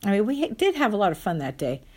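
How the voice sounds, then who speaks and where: A woman's voice: mid-range voice, very animated, fast. A woman telling a personal family anecdote with wry, fond humor and playful asides. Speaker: storyteller.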